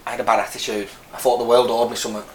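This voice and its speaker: Racing along in a flat, medium-pitched voice, a Lancashire-accented army veteran in his thirties from Burnley, northern England, tells his story frankly as a guest in a casual interview. He rambles with many restarts. The room echoes, with faint noise.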